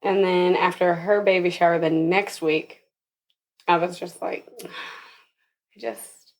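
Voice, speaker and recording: A woman's voice: lowish voice, little pitch movement, a little slow, a little mellow. A young woman, a podcast guest, tells a personal story in casual interview talk, laughing often and acting out the voices of people she quotes.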